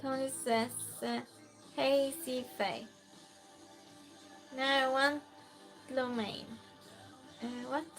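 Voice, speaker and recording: A woman's voice: sits high, drawn-out words, pauses often, faint music behind. A woman with a Swedish accent, casually chatting with her stream and reading viewer comments aloud. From Sweden. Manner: relaxed, reads chat aloud, soft giggles.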